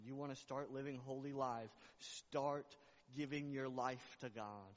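A man's voice: mid-range voice, fairly even intonation, moderate pace. A man preaching a sermon as pastor, repeating words and building to fervent climaxes. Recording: long reverb, dull lo-fi sound.

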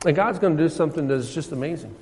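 High-voiced preacher man in a reverberant hall. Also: lively intonation, fast. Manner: swings between loud emphasis and soft, hushed passages. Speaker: pastor. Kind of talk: sermon.

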